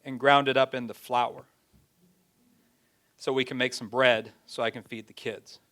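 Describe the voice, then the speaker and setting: A man's voice: mid-range voice, level tone, measured pace, fairly bright tone, natural voice. Brief: preacher voicing a frustrated mother in a sermon retelling, pleading, exasperated, nearly his own voice. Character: worn-out frustrated young mother, woman.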